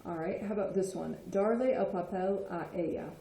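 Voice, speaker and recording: Teacher type: woman, low-ish mellow voice, patient explainer, roomy echo. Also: moderate pace. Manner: patient, checks in with frequent "okay?". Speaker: Spanish teacher. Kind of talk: explanatory lesson. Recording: echoey room.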